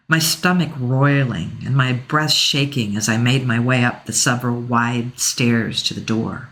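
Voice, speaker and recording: A woman narrating a first-person romance audiobook in an expressive, emotional reading. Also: a bass voice.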